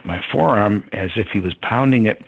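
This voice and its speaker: An older man with a husky voice, reflectively telling a story as an interview guest. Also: lowish voice, moderate pace. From United States. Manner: reflective, with many ums and soft laughs. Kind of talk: storytelling in conversation. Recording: dull lo-fi sound.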